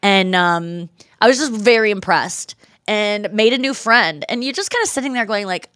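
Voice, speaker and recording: A woman in her forties, a podcast host telling a story in casual chat, animated and slipping into quoted voices. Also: medium pitch, moderate pace, no echo, studio quality.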